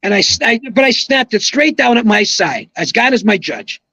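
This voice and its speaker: Excitable older man telling a story. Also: sits high, moderate pace. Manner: excitable, swearing, acts out quotes. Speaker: podcast guest. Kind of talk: animated storytelling.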